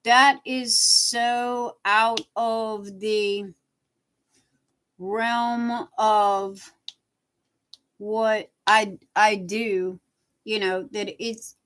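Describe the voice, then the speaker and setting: A middle-aged woman chats with her livestream viewers at an unhurried pace. Her voice sits a little high, and she rambles from thought to thought, answering comments and peppering everything with "you know". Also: a bit bright. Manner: rambling, chatty, reads viewer comments aloud; repeats "you know" a lot. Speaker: livestream host. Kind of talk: casual chat with live viewers.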